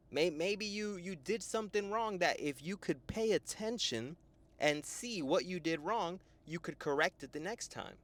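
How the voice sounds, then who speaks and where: A young man and life coach giving a profane, lively motivational monologue, often tagging "right?". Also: a little high. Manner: animated, profane, full of "right?" tags.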